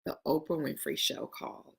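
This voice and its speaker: A woman's voice: normal speed, heavy background noise. A woman giving an emphatic, preachy motivational talk who calls her listeners y'all and honey. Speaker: motivational speaker.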